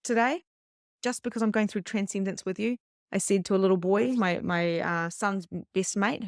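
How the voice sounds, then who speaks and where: A woman's voice: mid-range voice, normal speed, no echo, clean studio sound. Earnest woman coaching. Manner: earnest, conversational, with acted-out anecdotes. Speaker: spiritual coach. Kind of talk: teaching a wellness session.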